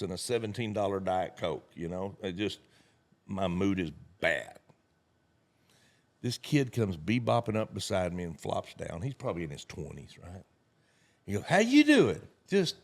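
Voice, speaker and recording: A man with a drawl who spins folksy stories in a relaxed chat. He acts out every line of dialogue himself. His voice sits on the low side. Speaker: network marketing leader. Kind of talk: casual chat.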